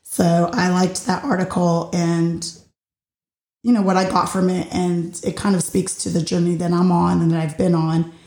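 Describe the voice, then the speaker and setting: A woman's voice: on the low side, level tone, normal speed, dark tone, reverberant. A woman hosting her own show, musing thoughtfully and a little hesitantly in a casual monologue. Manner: thoughtful, hesitant, with many fillers and restarts. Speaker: podcast host.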